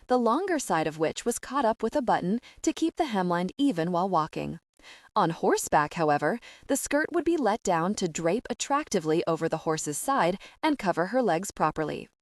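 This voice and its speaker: A woman narrating an audiobook in clear, even storytelling. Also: mid-range voice, no echo, studio quality. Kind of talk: scripted narration.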